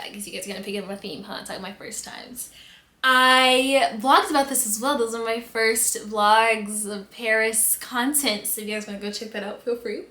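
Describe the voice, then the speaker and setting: A woman from the United States telling embarrassing stories in a casual storytime vlog, acting out her own reactions with big swings in voice. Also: a little high. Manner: animated storytelling with dramatic replayed reactions. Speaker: vlogger. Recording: echoey room.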